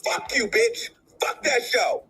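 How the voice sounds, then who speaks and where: A man's voice: slow pace, bright, forceful tone. A tearful, furious man venting in a profane, repetitive rant.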